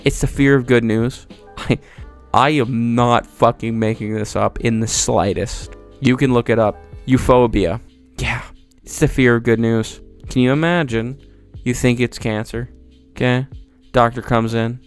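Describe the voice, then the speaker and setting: A man's voice: medium pitch, steady tone, measured pace, smooth, soft background music. A young man giving a profane, rambling comedic monologue with mock disbelief. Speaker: video creator.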